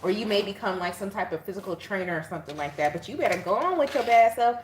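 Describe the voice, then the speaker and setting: A young woman giving a casual tarot reading, chatty and animated, laughing and talking straight to her viewers. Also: medium pitch, racing, hardly any pauses, slight background noise. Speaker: tarot reader.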